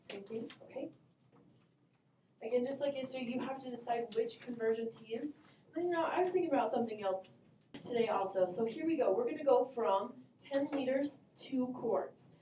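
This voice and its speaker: A woman's voice: fairly high pitch, dark tone. Upbeat woman teaching a roomy classroom. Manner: upbeat, calls on students and quizzes the class. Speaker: math teacher. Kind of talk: classroom instruction. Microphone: distant camera mic. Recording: roomy classroom, voice from far off, faint hum.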